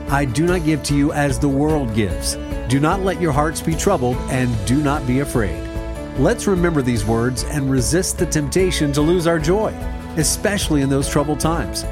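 A man announcing a radio program, reading a devotional close in a calm, measured way. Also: on the high side. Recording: music bed under voice.

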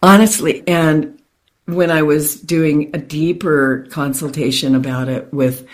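A woman with a low voice recounts a personal experience as an interview guest. She talks in animated, quick bursts and keeps restarting her sentences.

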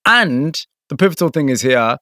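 A man's voice: fairly high pitch, animated, normal speed, bright, forceful tone, no room sound, clean studio sound. A man narrating and interviewing in a documentary style, asking probing questions.

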